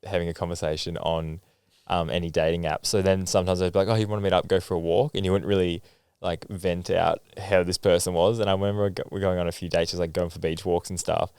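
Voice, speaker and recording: A young man hosting a casual podcast chat, relaxed and full of fillers like "like" and "man". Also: deep voice, fast talker, clean tone, no room sound, clean studio sound. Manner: relaxed, filler-heavy, says "like" and "man" often. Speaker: podcast host.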